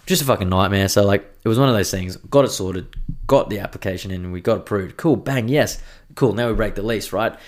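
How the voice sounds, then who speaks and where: A man's voice: lowish voice, brisk. A young man hosting a podcast, telling stories in a rambling, casual monologue full of swearing. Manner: rambling, profane storytelling. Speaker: podcast host.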